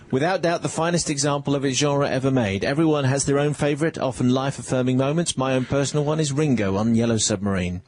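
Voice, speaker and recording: A man's voice: mid-range voice, fairly quick, darkish tone, a little hiss or hum. A man co-hosting a radio show, reading listener emails aloud in a dry, amused way from slightly off mic.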